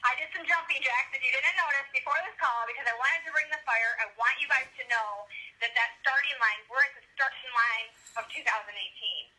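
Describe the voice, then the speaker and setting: Bright motivational woman giving a pep talk. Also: rough recording. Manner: pep-talk delivery, drops low at phrase ends. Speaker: guest speaker on a team call. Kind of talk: motivational speech.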